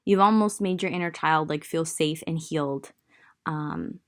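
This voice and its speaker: A woman's voice: sits low, measured pace. Rambling Southern woman reading tarot. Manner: rambling, thinks aloud with many fillers. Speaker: tarot reader.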